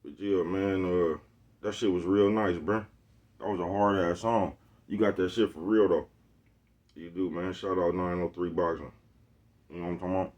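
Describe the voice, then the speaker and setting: A man's voice: deep voice, steady tone, moderate pace, pauses often, a little mellow, muffled recording. A man from Oakland, talking casually to his phone camera, rambling in slang and asking "you know what I'm talking about" again and again. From Oakland, California. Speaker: vlogger. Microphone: phone with Bluetooth earpiece.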